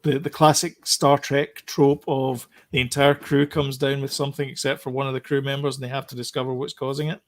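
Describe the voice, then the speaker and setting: A man's voice: mid-range voice, flat delivery, a little fast, few pauses. Male co-host, loose rambling delivery, casual talk. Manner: rambling, many fillers and restarts. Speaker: podcast co-host. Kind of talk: casual chat about TV shows.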